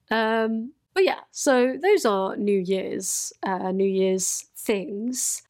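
A young woman, chatting casually and answering viewer questions on her channel, often laughing and poking fun at herself. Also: medium pitch. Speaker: YouTuber. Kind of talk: casual chat, Q and A.

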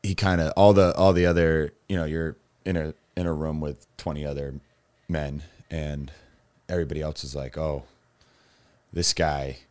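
A man's voice: rumbling low, level tone, normal speed, darkish tone. A man telling his own story as a guest, rambling and candid, with lots of restarts and fillers. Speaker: guest recounting his recovery.

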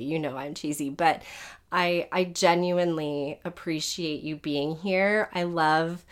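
A woman hosting her own podcast, talking casually and affectionately to listeners, her voice scratchy and strained, with plenty of fillers like "like" and "um". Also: lowish voice. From United States. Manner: warm-hearted and chatty, with fillers like "like" and "um". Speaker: podcast host.

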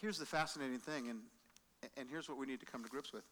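Preacher with a bright voice in a reverberant hall. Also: male voice, mid-range voice, fast. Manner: animated, acts out quoted lines, drops to quiet emphasis. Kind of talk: sermon. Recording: long reverb of a large hall.

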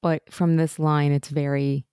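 A woman's voice: sits low, a little slow, clean tone, dry recording, clean studio sound. A woman co-hosting a casual TV recap podcast, retelling scenes and acting out the characters' lines with frequent laughs. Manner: animated retelling, acts out quoted lines, laughs often. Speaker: podcast co-host.

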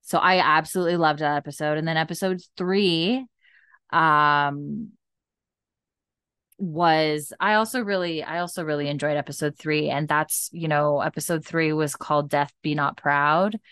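Woman podcast host, low and smooth, effusive casual recap style. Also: steady tone, moderate pace, fairly bright tone, no room sound, clean studio sound. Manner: gushing, chatty, full of fillers.

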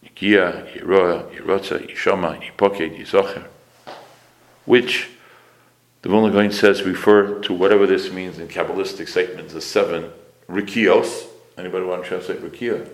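A man's voice: low-pitched, fairly even intonation, moderate pace, reverberant. A man teaching a class as a rabbi. He explains Hebrew phrases, repeats key words and asks the class questions, with pronunciation. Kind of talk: Torah class lecture.

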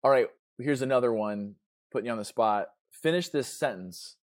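A man's voice: medium pitch, moderate pace, dry recording, clean studio sound. A man hosting a casual interview, easygoing and rambling, often searching for words mid-sentence. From Chicago. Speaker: podcast host.

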